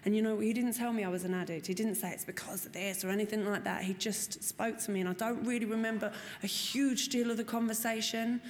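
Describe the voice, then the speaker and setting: A woman's voice: medium pitch, steady tone, quick pace, hardly any pauses. A woman, telling her recovery story frankly and expressively, swearing and acting out what people said. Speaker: speaker sharing a recovery story. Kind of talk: personal testimony talk. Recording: long hall reverb, faint room noise.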